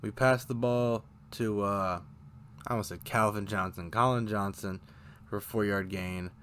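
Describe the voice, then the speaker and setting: Lowish-voiced man recapping a football game. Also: steady tone, measured pace, fairly bright tone, a little hiss or hum. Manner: rambling, self-correcting, gets heated. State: choking up, briefly coughing. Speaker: fan show host. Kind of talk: casual sports recap.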